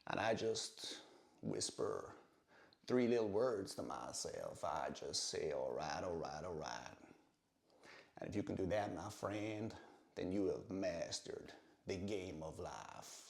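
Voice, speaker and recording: A man doing an impression of a laid-back Texan movie star, speaking in a slow, deep drawl. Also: animated, creaky, exaggerated voice. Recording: roomy echo.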